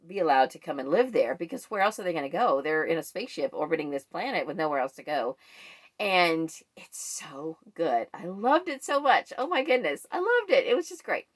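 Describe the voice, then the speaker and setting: Woman, lower-pitched voice, rambling talk with restarts; casual book vlogger. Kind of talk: casual book wrap-up chat.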